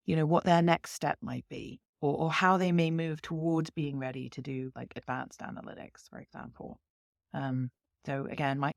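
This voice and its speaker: This British company head, interviewed as a guest, has a low voice recorded cleanly in a studio without echo. Walking through her methods, she uses extended examples and plays out exchanges with clients.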